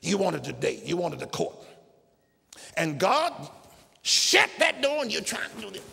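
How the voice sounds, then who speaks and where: A man preaching a sermon in a church, emphatic and climbing to shouted peaks. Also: high voice, huge pitch swings, measured pace, vocal fry, long pauses, slightly rough, in a large hall. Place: church sanctuary.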